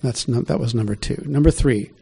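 A male pastor teaches from scripture in a relaxed, conversational sermon, often stopping to ask his listeners questions. His voice has a dark, mellow tone at a mid pitch. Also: a little fast, gravelly, breathy edge.

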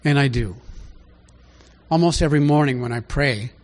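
In this sermon, the preacher teaches the Bible conversationally, letting his voice climb in pitch for emphasis and asking rhetorical questions. He keeps a moderate pace.

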